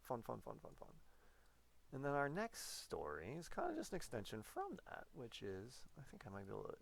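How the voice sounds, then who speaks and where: A man's voice: mid-range voice, huge pitch swings, a little fast, creaky. A man giving a casual whiteboard biology lecture, playful and rambling, often correcting himself as he goes.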